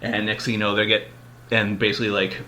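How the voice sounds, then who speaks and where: A man's voice: lowish voice, flat delivery, fast, sharp tone. Rambling man telling a long story. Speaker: podcast host. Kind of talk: casual chat.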